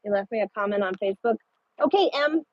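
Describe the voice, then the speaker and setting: A woman's voice: mid-range voice, expressive, fast talker, no echo. A woman truck driver chatting casually with viewers on a live stream from her parked truck at a rest area, swearing now and then. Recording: dull lo-fi sound.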